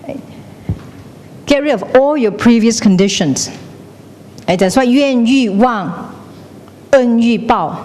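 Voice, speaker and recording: A woman's voice: a little slow, long pauses, a little mellow. A woman teaching a class, chatty, often checking in with "okay?" and slipping into Chinese phrases. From Malaysia. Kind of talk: classroom lecture. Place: classroom hall. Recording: echoey hall with faint rumble.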